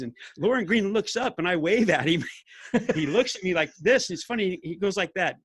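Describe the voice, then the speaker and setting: Lively storytelling older man. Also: on the high side, brisk, husky, no room sound. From California. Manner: animated storyteller, laughs often, acts out quotes. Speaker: podcast guest. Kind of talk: casual storytelling interview.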